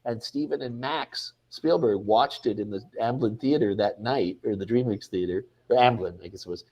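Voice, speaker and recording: Animated storytelling director man. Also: on the low side, moderate pace, dull audio. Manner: animated, acts out quoted people, frequent restarts. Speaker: film director, interview guest. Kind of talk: anecdotal storytelling in an interview.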